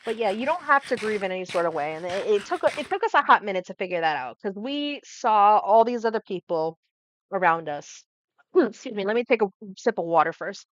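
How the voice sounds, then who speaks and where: A woman's voice: medium pitch, expressive, fairly quick, no echo. A young woman talking casually while she plays a game, rambling, getting distracted and restarting her thoughts. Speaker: gaming streamer. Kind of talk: casual commentary while playing.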